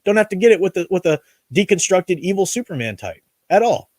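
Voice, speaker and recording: A man's voice: high-pitched, sing-song, fairly quick, darkish tone, no echo, studio quality. A man hosting his own commentary show, talking casually in an indignant, ranting way with many restarts. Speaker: commentary channel host.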